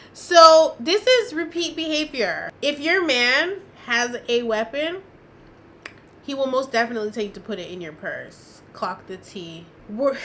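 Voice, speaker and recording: A woman's voice: a little high, a bit bright, slight background noise. A woman reading courtroom testimony aloud in a casual commentary, with sassy asides of her own. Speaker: commentator recapping a trial.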